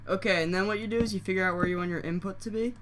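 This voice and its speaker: A hoarse game tutorial host who is losing their voice, explaining steps casually with fillers and frequent self-corrections. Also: mid-range voice, fairly even intonation, racing, background noise. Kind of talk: casual screen-recorded tutorial.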